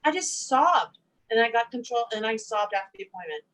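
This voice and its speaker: Animated middle-aged woman guest, high voice. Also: fairly quick, a crowd in the background, low-quality recording. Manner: animated storyteller, acts out quotes. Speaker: podcast guest. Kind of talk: casual interview chat.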